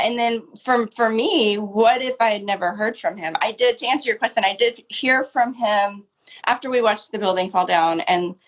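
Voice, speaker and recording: A woman in her forties, a novelist guest on a live video call, earnestly recounting a story with frequent "like" fillers. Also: fairly low pitch. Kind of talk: conversational storytelling. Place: home, video call on social live stream. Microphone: video call mic.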